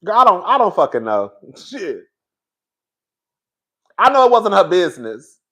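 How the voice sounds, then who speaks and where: A man giving a sassy, animated live-stream review, reading chat as he goes, calling viewers "girl", laughing often and swearing freely. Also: high voice, a little slow. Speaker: reality TV show reviewer.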